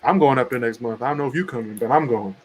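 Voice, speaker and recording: A young man from Michigan co-hosting a casual podcast chat, animated and laughing often, acting out the people he quotes. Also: mid-range voice, very fast, slight background noise. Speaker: podcast host.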